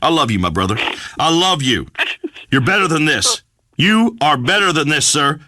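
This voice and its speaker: A man's voice: a little high, sing-song, moderate pace, pushed and bright, no room sound. A man voicing a brash, pompous redneck talk radio host, middle-aged, holding forth on air in a scripted comedy bit. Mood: blustering. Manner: blustering, pompous pronouncements.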